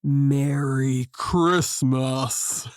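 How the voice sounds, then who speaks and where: A woman voicing a monstrous reindeer creature that mimics a grandmother, coaxing in a grandmotherly tone and growling low. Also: steady tone, extremely slow, darkish tone, no echo, studio quality, exaggerated voice. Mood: menacing.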